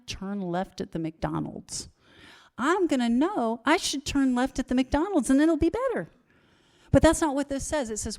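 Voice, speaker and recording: A woman's voice: high-pitched, darkish tone. Candid woman giving a recovery talk. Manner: candid, self-deprecating, builds to emphatic repetition. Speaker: conference speaker.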